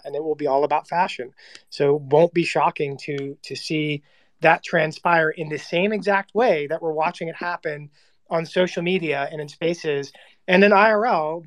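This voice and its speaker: A man's voice: a little high, fairly bright tone, no echo. A man hosting a casual online panel, rambling and repeating words as he thinks. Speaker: host.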